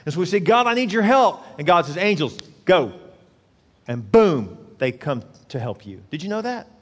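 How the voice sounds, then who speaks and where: A man preaches with a fairly high voice, earnest and repetitive, acting out little quotes as he makes his points. His voice rings out with a long hall reverb around it. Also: sing-song, moderate pace, husky. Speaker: pastor. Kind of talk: sermon.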